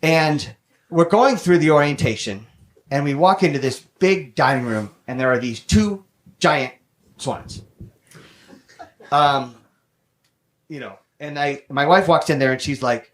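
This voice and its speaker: A young man doing stand-up comedy, telling a self-mocking story in quick, animated bursts with some swearing, on a comedy stage with a handheld mic. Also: a little high. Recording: loud background noise with audience laughter.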